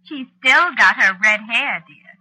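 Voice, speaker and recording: A coy, jealous witch wife, purring her words in a breathy tone. Her voice swings widely up and down and has a bright, sharp edge. She sounds playful on top and menacing underneath. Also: a little high, expressive, unhurried, heavily acted, rough recording. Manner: playful, coaxing, with a cold edge. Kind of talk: 1940s radio acting.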